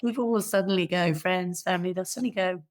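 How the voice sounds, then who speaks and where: Croaky, frank British woman, lowish voice. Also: fast. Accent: British English. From England. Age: middle-aged. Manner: frank, steady, occasionally swearing. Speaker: interview guest. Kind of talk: candid personal storytelling.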